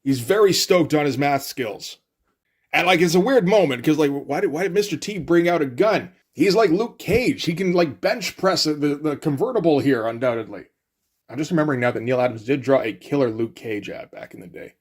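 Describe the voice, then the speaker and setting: A man's voice: fairly high pitch, animated, brisk, slightly rough. A man giving casual, wry commentary while reviewing a comic, rambling with frequent fillers.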